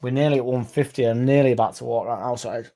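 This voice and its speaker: Sweary man, mellow voice. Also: mid-range voice, fairly even intonation, fast talker. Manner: rambling, sweary, jumps off on tangents. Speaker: fan channel livestream host. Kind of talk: casual livestream chat reading comments.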